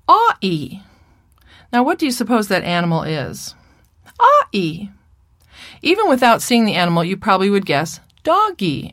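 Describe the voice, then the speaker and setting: Woman clinician, slightly low voice, dry close mic, measured lecture delivery. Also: no echo. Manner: clear, measured teaching voice with playful child and mother impressions. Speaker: speech therapy presenter. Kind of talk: recorded lecture presentation.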